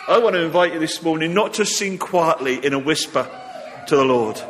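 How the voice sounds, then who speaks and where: A fairly high-voiced man leads a church service, chatty and informal with a touch of humor. His voice rings out in a church with a long reverb tail. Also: animated, a little fast, a bit bright. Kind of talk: leading a church service with notices and a psalm reading.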